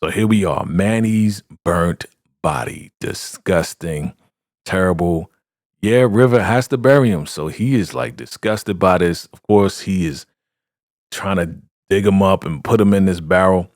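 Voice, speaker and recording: A man casually recapping a TV episode in a chatty, animated way, speaking into a studio podcast mic. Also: low-pitched, measured pace, no room sound. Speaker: recap host. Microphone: studio podcast microphone.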